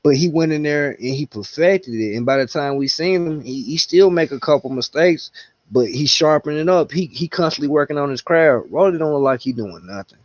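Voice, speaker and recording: A man's voice: on the high side, animated, brisk, dry recording. A man talking boxing in a blunt, slangy, profane way as a podcast co-host. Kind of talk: casual boxing chat. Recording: dull dry lo-fi audio.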